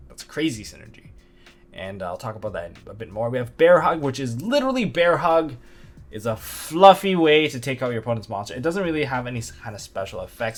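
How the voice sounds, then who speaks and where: A man talking through card strategy in a loose, unscripted commentary, his voice jumping up with excitement and then dropping into low, quieter asides. He sits at a middling pitch and slips in dry sarcasm now and then. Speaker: card game video host. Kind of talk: casual analysis commentary.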